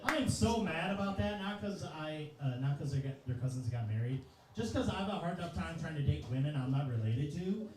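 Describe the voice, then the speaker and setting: A man's voice: a little high, animated, fairly quick, heavy reverb, far from the mic, background noise. A man in his thirties doing a loose, profane, self-mocking stand-up comedy set in a comedy club. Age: 30s. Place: comedy club stage, live audience.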